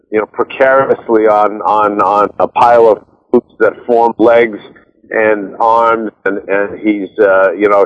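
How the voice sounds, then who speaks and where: A man guest on an interview, rambling and animated, with restarts as he tells stories. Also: fairly low pitch, dull audio. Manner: rambling, animated storyteller with many restarts and laughs. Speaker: author and director, interview guest. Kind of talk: casual interview chat.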